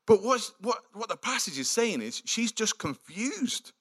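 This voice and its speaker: A man delivers a sermon in a bright, fairly high voice. He takes his time and brings the story to life by acting out the lines of its characters. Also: lively intonation, a little slow, hardly any pauses. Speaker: preacher.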